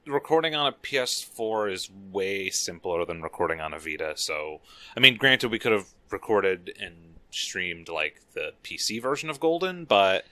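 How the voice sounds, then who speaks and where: A man co-hosts a casual podcast, tossing in fun facts offhandedly. His voice sits low but has a bright, forward tone, recorded close and dry. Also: sing-song, normal speed, no room sound. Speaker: podcast co-host. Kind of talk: casual podcast chat about video games.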